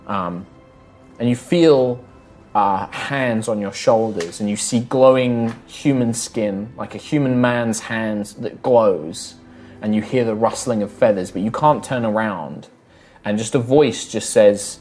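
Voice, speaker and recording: A man narrating a tabletop game as game master, describing scenes slowly with hesitant fillers. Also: fairly low pitch, a little mellow, soft background music.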